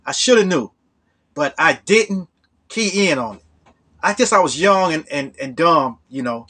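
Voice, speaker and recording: A man from Chicago hosting his own channel, telling a true story casually in a rambling way with many halting restarts and "you know"s. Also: a little high, lively intonation, bright, forceful tone, husky.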